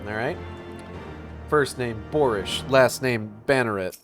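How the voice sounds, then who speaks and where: A man streams a video game, cracking jokes and getting excited between lines of dialogue. He swears casually. His pitch sits mid-range, with faint game music underneath. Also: slow pace, pauses often. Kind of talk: let's-play commentary.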